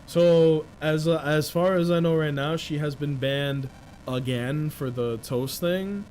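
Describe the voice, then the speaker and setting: A young man from New York ranting casually on a livestream in a slangy, animated way. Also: a little high, a little slow, a little hiss or hum. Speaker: streamer.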